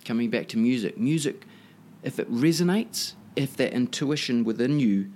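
A man's voice: medium pitch, normal speed. A man in casual conversation, rambling and swearing as he tells stories. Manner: rambling, profane, animated storytelling. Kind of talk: casual chat.

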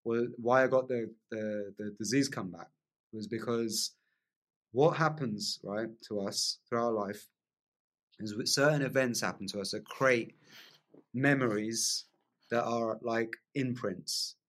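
A man telling a long personal story as a podcast guest, in a lively casual way, often asking "right?" along the way. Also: medium pitch, a little slow. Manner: animated storyteller, frequent "like" and "right?" tags.

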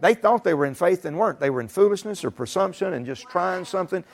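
A man's voice: high voice, expressive, fast talker, vocal fry. A middle-aged man preaching a sermon in a folksy, emphatic way. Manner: folksy, emphatic, rising to shouts and laughter. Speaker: pastor.

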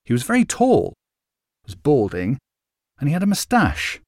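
A man narrates a novel in expressive, scripted storytelling. His pitch moves freely and colorfully through each line. The sound is dry and close, with no room echo. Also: normal speed. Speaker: audiobook narrator.

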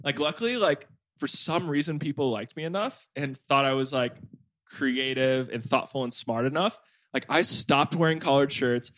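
A man's voice: mid-range voice, moderate pace, no room sound. Young guy podcast host rambling to his mom, tons of "like"s, mid voice, super dry close mic. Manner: rambling, heavy on "like" fillers, animated storytelling. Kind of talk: casual family chat.

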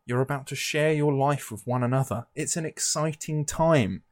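A man's voice: mid-range voice, moderate pace, no room sound, studio quality. Chatty man telling a crime story. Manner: chatty, laughs often, jokey. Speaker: podcast co-host, storyteller. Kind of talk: casual true crime chat.

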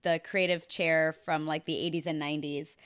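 A woman's voice: low voice, level tone, moderate pace, fairly bright tone, smooth. A woman co-hosting a podcast in casual chat, talking with lots of fillers and restarts and laughing often. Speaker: podcast co-host.

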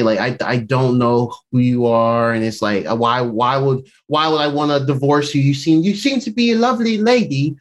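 A man hosting a podcast, recapping an episode in a rambling, casual way and acting out the characters' lines. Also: medium pitch. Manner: rambling, many fillers, acts out character quotes, laughs often.

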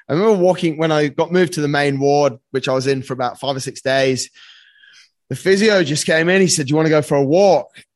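A man's voice: on the high side, dry recording. A man telling a personal story as a podcast guest, earnest and casual, often saying "mate" and swearing freely.

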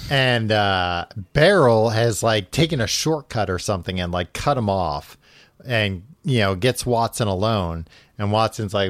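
A man's voice: lowish voice, no room sound. Laid-back male podcast host, drawling story recap, dry room. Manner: loose, rambling, full of "like" and quick character asides. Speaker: podcast host retelling a book. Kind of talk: casual chat, paraphrasing the story.

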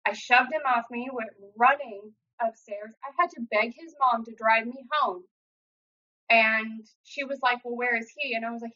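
Young woman, high bright voice, earnest, halting, personal story, lo-fi sound. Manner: earnest, halting, quotes others in dialogue. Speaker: guest sharing personal story. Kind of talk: emotional personal account. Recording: dull lo-fi sound.

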